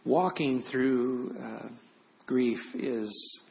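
A man's voice: medium pitch, gravelly, muffled recording. A man in his sixties, a pastor preaching a sermon, telling stories with earnest feeling. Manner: storytelling, drops to soft and slow when emotional.

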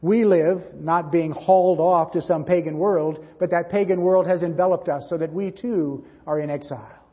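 A man's voice: a little high, fairly even intonation, moderate pace, breathy edge. A man preaching a sermon, telling a story with earnest delivery and acting out its dialogue. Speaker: pastor. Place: church sanctuary. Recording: dull, roomy church hall audio.

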